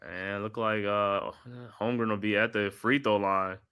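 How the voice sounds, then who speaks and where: Bright-voiced guy doing steady play-by-play for a watch party, chatty asides. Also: fairly low pitch, unhurried, clear, resonant tone. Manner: steady running call with casual asides. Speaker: watch party host calling the game. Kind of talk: live play-by-play commentary.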